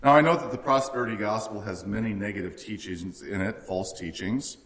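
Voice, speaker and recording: A man's voice: fairly low pitch, a little fast, fairly bright tone. A man preaching a sermon in an earnest way, lifting his voice when he quotes others. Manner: earnest, rising for quoted lines. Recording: long hall reverb.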